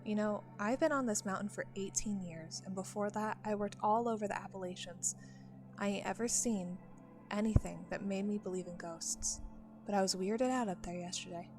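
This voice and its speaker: A middle-aged ranger with a thick Southern US drawl, talking in a folksy, hushed, confiding way, voiced by a woman reading a story. Faint music sits under the voice. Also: mid-range voice, moderate pace, natural voice.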